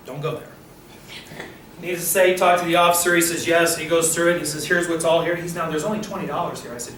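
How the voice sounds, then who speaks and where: An older man giving a motivational talk, telling a story with animated acted-out voices. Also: a little high, quick pace. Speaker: motivational speaker. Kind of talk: storytelling speech. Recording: roomy, distant mic with faint noise.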